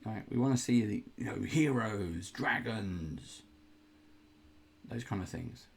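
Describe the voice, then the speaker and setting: A man's lowish voice, creaky with a breathy edge, carries a casual indoor unboxing of miniatures. He rambles chattily and throws in playful groans of disgust.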